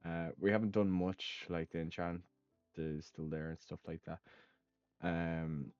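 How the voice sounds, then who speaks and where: A man's voice: low-pitched, flat delivery, unhurried, darkish tone, smooth, no echo. A young man hosting a casual let's play, rambling with lots of ums and uhs and offhand swearing. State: hiccups. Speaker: gaming channel host. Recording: dull, dry lo-fi mic.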